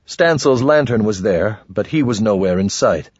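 A man narrating an audiobook in a measured, even storytelling manner. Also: fairly low pitch, slightly rough, no echo. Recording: muffled dry lo-fi.

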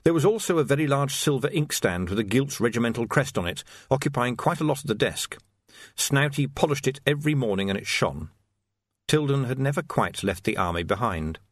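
Expressive male audiobook narrator. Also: mid-range voice, no echo, studio quality. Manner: expressive, acts out characters.

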